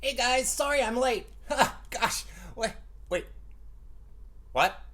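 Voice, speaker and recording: A man's voice: very high voice, slow pace, a bit bright, pitched above the performer's own voice, heavily acted. A man voicing a brash, self-absorbed woman co-host in a comedy sketch, talking in a dramatic, flustered, gossipy way. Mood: indignant.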